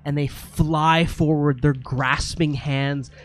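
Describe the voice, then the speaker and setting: A man's voice: a little high, steady tone, slow pace. A man running a tabletop game as game master, narrating vividly and mimicking sound effects.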